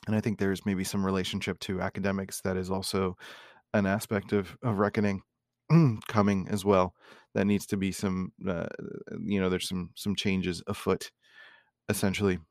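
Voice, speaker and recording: Low gravelly-voiced man musing on his podcast. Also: level tone, moderate pace, a little mellow, no room sound, studio quality. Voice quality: low morning voice. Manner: rambling, reflective, many fillers and restarts. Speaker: podcast host. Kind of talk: casual solo podcast monologue.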